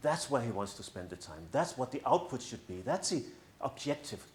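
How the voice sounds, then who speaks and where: A man's voice: medium pitch, very animated, moderate pace, slight background noise. A middle-aged man speaking as a coach to an audience, earnest and persuasive, with a touch of self-mocking humor. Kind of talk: presentation to an audience. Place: large room in front of an audience. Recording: echoey room.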